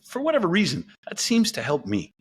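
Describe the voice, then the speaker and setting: Middle-aged man, expressive guest storyteller, sweeping pitch. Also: a little fast, breathy edge. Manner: animated storyteller, acts out his own pep talks. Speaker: guest scientist. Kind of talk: podcast interview.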